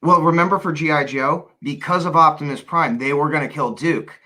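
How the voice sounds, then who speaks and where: A man co-hosting a casual chat, playful and quick to chime in with trivia. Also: fairly high pitch, sharp tone. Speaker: co-host.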